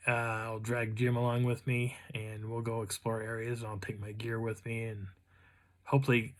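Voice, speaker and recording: A man hosting his own channel, telling a casual story to the camera in a rambling way, with frequent restarts and fillers. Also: on the low side. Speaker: channel host.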